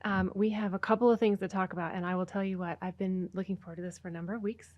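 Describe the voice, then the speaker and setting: A woman's voice: medium pitch, fairly even intonation, fast, dry recording, muffled recording. A woman hosting a podcast, chatting casually with her guest and using plenty of fillers. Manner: warm, chatty, many fillers. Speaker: podcast host. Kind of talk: casual interview.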